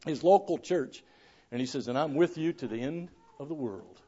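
With a breathy edge and lively intonation, a high-voiced pastor preaches at normal speed, reading old scripture aloud. He swings between ringing statements and quiet asides, chuckling at times, on a dull, lo-fi recording.

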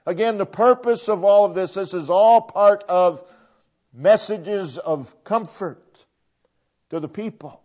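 A man preaching a sermon, slow and deliberate, repeating phrases for emphasis. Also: high-pitched, darkish tone. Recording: dull lo-fi recording.

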